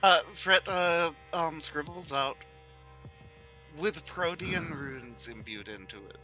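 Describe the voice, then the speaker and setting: A man playing in a tabletop game with a bright, fairly high voice. He describes his character's moves hesitantly, pausing on lots of fillers. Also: soft background music. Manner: hesitant, full of ums and uhs. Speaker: player.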